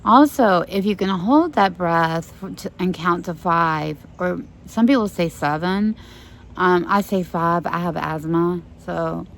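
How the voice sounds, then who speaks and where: Outdoors in the sunshine, with birdsong and a little background noise, a middle-aged therapist calmly guides listeners and gently models slow breathing. She speaks in a lowish voice with some vocal fry.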